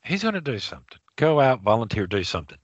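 A man's voice: mid-range voice, big pitch swings, quick pace, slightly rough, no echo, muffled recording. A man co-hosting a casual chat. He is earnest and opinionated, and he often restarts his sentences.

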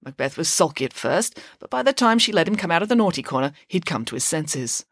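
Woman storyteller, playful, expressive, lively pitch, dry close sound. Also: fast talker, breathy edge, no echo. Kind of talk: reading a comic story aloud.

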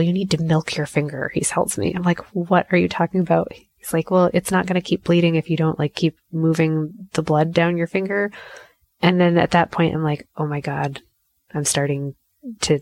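A woman in her thirties tells a personal story in a casual, animated way and pokes fun at herself as she acts out her own inner voice. Her voice sits low with a gravelly edge, and the recording is dry and close. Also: no echo.

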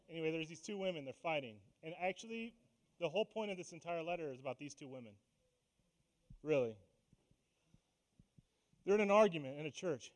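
High-voiced man preaching a sermon. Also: expressive, fairly quick. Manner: conversational preaching with self-deprecating asides. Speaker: pastor. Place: church sanctuary.

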